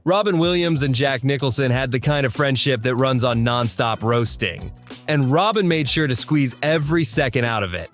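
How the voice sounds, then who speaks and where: A man reading scripted voice-over narration in a smooth, even, promotional way. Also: mid-range voice, moderate pace, faint music behind. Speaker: compilation narrator.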